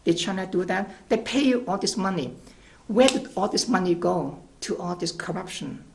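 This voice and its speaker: A man's voice: high-pitched, expressive, normal speed, gravelly, slight background noise. A man guest in a TV interview, arguing his point emphatically with rhetorical questions and restarts. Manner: emphatic, rhetorical questions, repeats words at the start of phrases. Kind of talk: argumentative interview answers.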